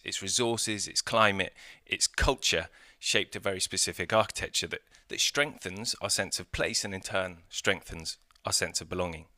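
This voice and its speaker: A middle-aged British city architect gives a conference talk in an outdoor courtyard beside historic buildings, his voice deep yet bright. Relaxed and thoughtful, he thinks aloud conversationally, with frequent fillers and restarts. The sound is close and dry, with no echo.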